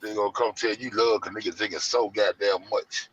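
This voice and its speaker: A man, ranting loud and profane to his online audience in heavy slang. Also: fairly low pitch, fairly even intonation, a little fast, slightly rough. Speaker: show host. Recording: muffled lo-fi audio.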